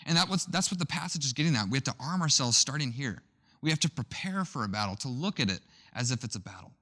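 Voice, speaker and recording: A young male pastor with a bright, forceful tone preaches a sermon. He talks conversationally, drifting into a personal story, often restarting his phrases as he goes. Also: medium pitch, expressive, quick pace.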